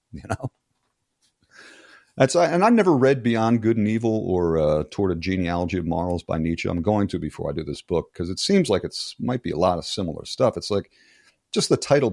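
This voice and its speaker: Low-voiced, blunt, profane older man. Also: a little mellow, no room sound, clean studio sound. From United States. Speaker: guest. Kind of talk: casual conversational interview.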